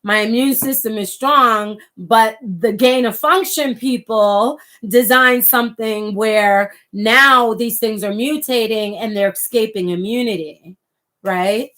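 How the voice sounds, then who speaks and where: Middle-aged woman on a livestream, fired up and chatty, voice a bit high. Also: slow, a bit bright. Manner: impassioned, reads viewer comments aloud. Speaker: livestream host. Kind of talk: casual livestream talk.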